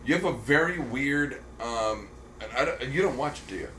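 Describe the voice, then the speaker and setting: A man's voice: medium pitch, lively intonation, normal speed, bright, forceful tone. A man co-hosting a podcast, chatting casually about films and shows, rambling with many ums and restarts. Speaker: podcast co-host. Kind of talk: casual chat. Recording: roomy echo with faint noise.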